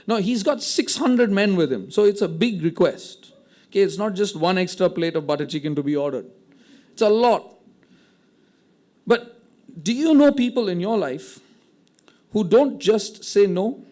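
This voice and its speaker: A man preaching a sermon, retelling a story with animated acted-out quotes and frequent word restarts. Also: high-pitched, normal speed. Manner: repeats words when restarting. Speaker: pastor.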